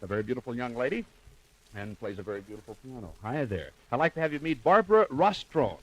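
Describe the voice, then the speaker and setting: A man's voice: medium pitch, expressive, quick pace. A man hosting a live radio show, chatting and teasing his young guests. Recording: dull lo-fi 1950s radio recording.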